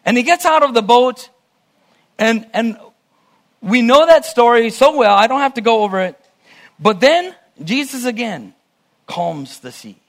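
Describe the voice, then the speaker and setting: A man's voice: very high-pitched, fairly bright tone. A male preacher reading scripture aloud and musing on it with frequent restarts, in a sermon. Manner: reads scripture aloud, then muses in restarts. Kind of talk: sermon Bible teaching.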